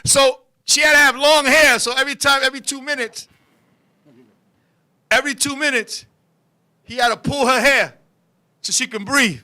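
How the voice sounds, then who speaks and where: A man hosting a comedy show, telling crude jokes loudly and animatedly and often shouting. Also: very high voice, steady tone, moderate pace, long pauses. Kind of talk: crude stand-up style comedy banter.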